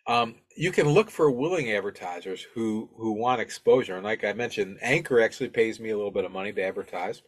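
Guy hosting his podcast, lowish voice, lots of um and uh, restarts a lot, friendly and self-deprecating. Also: a little fast, few pauses. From Alabama, US. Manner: rambling, frequent fillers and restarts. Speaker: podcast host. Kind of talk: casual podcast advice talk. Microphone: podcast microphone.

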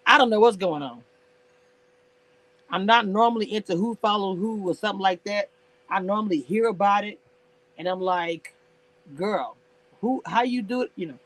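A woman's voice: mid-range voice, fairly even intonation, normal speed, pauses often, fairly bright tone, low-quality recording. Sassy woman chatting to her live viewers. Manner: sassy, laughs often, talks to viewers in chat. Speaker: reality TV commentator on a live stream. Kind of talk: casual live-stream chat.

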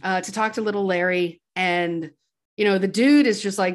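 An animated woman retelling a film plot in a loose, chatty way, laughing now and then. She speaks at an everyday middle pitch. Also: moderate pace. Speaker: podcast co-host. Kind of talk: casual film recap.

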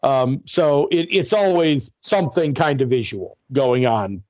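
Stammering, animated man with a dry sound. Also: mid-range voice, a little slow, no room sound. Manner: animated, stammering restarts, exasperated emphasis. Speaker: podcast co-host. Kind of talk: casual podcast chat.

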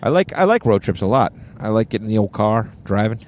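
A middle-aged man co-hosts a podcast while riding in a car on a road trip, chatting casually and rambling, often interrupting and restarting himself. His lowish, slightly mellow voice moves quickly with big pitch swings. There is slight background noise.

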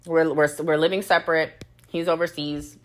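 A woman's voice: low voice, level tone, moderate pace. A woman hosting a podcast, telling a personal story in a blunt, profane, heated monologue. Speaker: podcast host.

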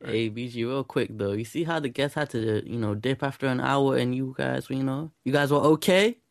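Gravelly-voiced man joking around. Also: mid-range voice, moderate pace, no room sound, clean studio sound. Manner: laughing, playful joking. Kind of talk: casual chat.

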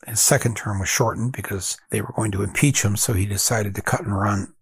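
An older man hosts his podcast in a wry, animated monologue. His voice is gravelly and a little husky, recorded dry and close. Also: fairly low pitch, a little fast, no room sound. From Michigan. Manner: wry, animated, laughs at his own points. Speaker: podcast host. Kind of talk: casual monologue.

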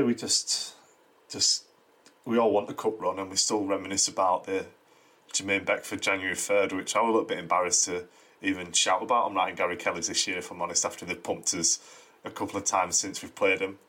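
Rambling man, low voice. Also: steady tone, fairly quick, bright, forceful tone. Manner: rambling, repeats words while searching for them. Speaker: podcast co-host. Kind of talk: casual chat.

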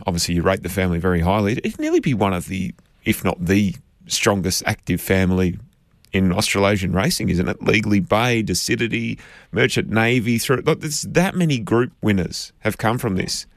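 Man, racing co-host, lowish voice, direct questions, dry studio. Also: animated, brisk, no echo. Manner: direct, fact-packed questions. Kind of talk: radio interview.

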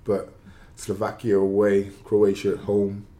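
A man's voice: fairly low pitch, monotone, a little slow, warm tone. A man who is a former footballer, talking football in a matey, emphatic way. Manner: matey, emphatic, laughs easily. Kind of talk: casual football punditry.

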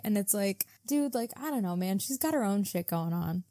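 A woman hosts a relaxed book-club podcast with a mellow, warm tone. She recaps scenes by slipping into playful voices for the characters. The sound is close and dry. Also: medium pitch, moderate pace, hardly any pauses, no echo. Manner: retells scenes in mock voices, swears freely. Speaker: podcast co-host. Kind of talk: casual book-club chat.

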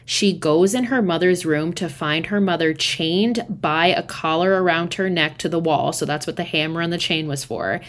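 A woman hosting a podcast, casually retelling a horror film's plot in a profane, animated way. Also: low-pitched. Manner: profane, animated retelling with quoted character lines. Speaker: podcast host. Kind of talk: casual film recap.

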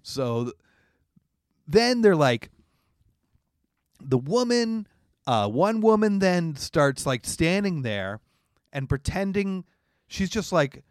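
A man with a high voice tells a story in casual conversation, speaking slowly and pausing often. He animatedly acts out the people he quotes and laughs a lot, in studio-quality sound with no echo.

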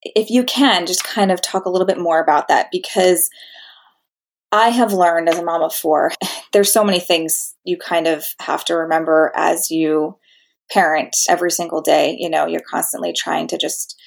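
A woman's voice: fairly low pitch, fairly even intonation, normal speed, creaky. A woman hosting an interview, talking in a chatty way with many fillers and an occasional sigh. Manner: chatty, filler-heavy, with sighs. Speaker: interview host. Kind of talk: casual interview chat.

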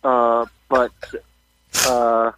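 A man's voice: medium pitch, monotone, very slow, a bit bright, a little hiss or hum, poor audio. A man, the show's host, calling in by phone and joking, rambling with many fillers. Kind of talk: casual phone-in chat.

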